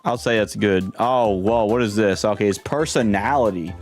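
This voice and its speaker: A man's voice: fairly low pitch, moderate pace. Young male streamer, rambling, amused commentary, faint game music underneath. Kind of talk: casual gaming commentary.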